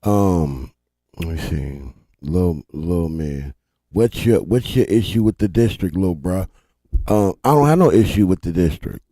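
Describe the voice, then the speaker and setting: A man with a California accent talks in a laid-back, slangy drawl as a livestream host. His voice is very low and very dark. The sound is dry and close. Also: animated, unhurried, no echo. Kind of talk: casual live commentary. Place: Washington State.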